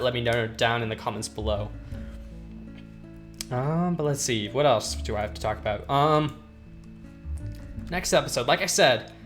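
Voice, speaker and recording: A young man at his desk mic rambles through casual gameplay commentary, thinking aloud and gushing over the creatures on screen. His voice sits at an ordinary middle pitch. Faint game music plays quietly behind him. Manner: rambling, chatty, gushes over cute dinosaurs. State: hiccuping. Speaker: gaming YouTuber.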